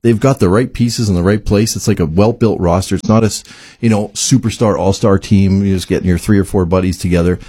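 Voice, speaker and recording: A man in casual sports chat, animated and quick to laugh. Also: low voice, breathy edge, no room sound, clean studio sound. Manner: animated, laughs easily, acts out players' voices.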